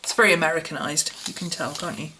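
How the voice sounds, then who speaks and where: A woman's voice: low voice, fast talker, noisy background. A woman with an English accent, chatting casually as she reviews a product in a vlog and muses aloud. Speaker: vlogger.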